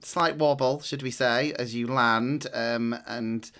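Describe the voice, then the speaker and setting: A man's voice: medium pitch, fairly even intonation, slow, pushed and bright, clear, resonant tone. A man narrating as game master who rambles with many fillers.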